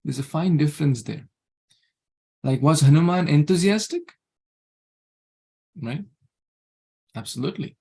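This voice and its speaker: A man's voice: a little high, lively intonation, measured pace, gravelly, pauses often, a little mellow, breathy edge. A man leading an online scripture class. He speaks earnestly, keeps repeating his key words and chuckles now and then. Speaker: class leader.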